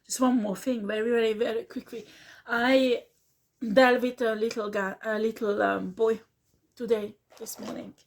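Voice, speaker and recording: A woman's voice: on the high side, little pitch movement, normal speed, slight background noise. A woman, speaking earnestly as a tarot reader who repeats herself and slips into words now and then. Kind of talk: casual spoken reading.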